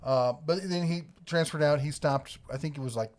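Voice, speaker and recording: A man's voice: fairly high pitch, moderate pace, a little mellow. A middle-aged man co-hosting a casual livestream from home, telling family stories and reading viewer comments with frequent chuckles. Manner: storytelling, chuckles often. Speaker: livestream co-host.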